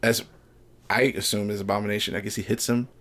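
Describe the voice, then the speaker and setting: A man's voice: lowish voice, level tone, pushed and bright. A man co-hosting a casual movie review, agreeing often and adding details with a laugh. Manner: agreeable, chimes in with quick yeahs and laughs. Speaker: podcast co-host.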